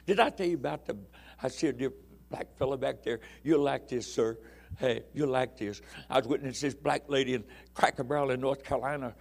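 An older man preaching a sermon, telling folksy rambling stories that break into fiery shouted bursts. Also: medium pitch, vocal fry.

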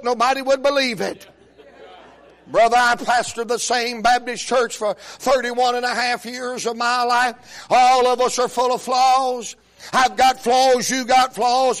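An older man preaching a humorous sermon, telling folksy stories and rising into shouted praise. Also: very high-pitched. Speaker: pastor.

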